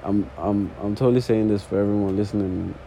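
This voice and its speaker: A young man in his early twenties with an accent talks off the top of his head in a low, warm, relaxed voice. He rambles, restarts his sentences and swears casually. A faint background noise sits under the recording. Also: a little fast, gravelly, low-quality recording. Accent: non-native English accent. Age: early 20s. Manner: rambling, casual, swears often, repeats false starts. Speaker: podcast host. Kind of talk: unscripted solo monologue. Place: sitting on the floor indoors.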